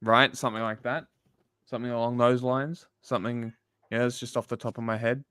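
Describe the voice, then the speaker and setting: A man co-hosting a livestream, chatting casually about politics in a profane, sarcastic and animated way, recorded on a close mic. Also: mid-range voice, a little fast, clear, resonant tone. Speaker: livestream co-host.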